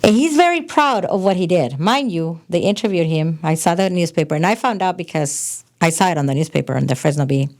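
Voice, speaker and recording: Frank, lower-voiced woman telling stories. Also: fairly quick, hardly any pauses. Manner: frank, animated storyteller. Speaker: podcast guest, host's mother. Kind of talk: casual storytelling chat.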